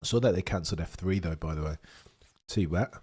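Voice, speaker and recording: Brief: British male streamer with a lowish voice. Cheeky live race chat that jumps from loud outbursts to quiet asides. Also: racing, husky. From United Kingdom. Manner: chatty and cheeky, swinging between loud excited bursts and low mutters. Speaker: livestream host. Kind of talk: live race watchalong commentary, chatting with viewers.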